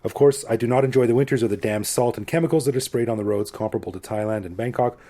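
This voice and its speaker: A Canadian man in his forties co-hosting a podcast, talking in a relaxed, self-deprecating way. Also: mid-range voice, fast. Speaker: podcast co-host. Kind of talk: casual chat.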